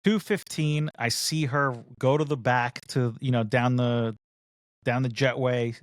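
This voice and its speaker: A man's voice: medium pitch, measured pace. A man co-hosting a casual podcast, telling a long story and acting out the other people in it. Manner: animated storyteller who acts out the other people in his story. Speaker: podcast co-host. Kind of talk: casual chat.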